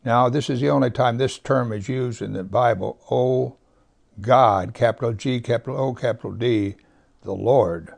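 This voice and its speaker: A man teaching through a psalm, reading verses slowly with heavy emphasis and sometimes dropping almost to a whisper. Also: medium pitch, gravelly. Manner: drops to a near whisper at times. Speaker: pastor. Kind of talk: Bible teaching.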